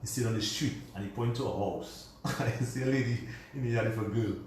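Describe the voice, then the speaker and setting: A man from Dominica, a guest on a radio show, tells a personal family story in a meandering, colloquial way, putting on his father's voice whenever he quotes him. His mid-range voice is fairly quick and a little mellow. The recording is very roomy and distant, with slight background noise.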